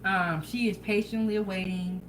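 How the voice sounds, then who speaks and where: A woman hosting a casual home cooking vlog, chatting in a relaxed way and talking straight to her viewers. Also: mid-range voice, moderate pace, slight background noise, low-quality recording. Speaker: home cooking show host. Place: home kitchen.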